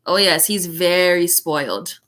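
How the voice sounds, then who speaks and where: A woman's voice: on the low side, measured pace, a bit bright. A woman teacher reading a chapter book aloud, breaking off for chatty, giggly asides.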